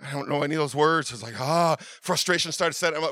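Preaching a sermon, a middle-aged pastor tells stories full of restarts, swinging between loud urging and quiet asides. His voice is fairly high and quick, with no echo on the recording.

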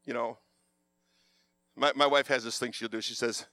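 Animated, bright-voiced male preacher. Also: mid-range voice, normal speed. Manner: animated, passionate, loud. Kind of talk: sermon.

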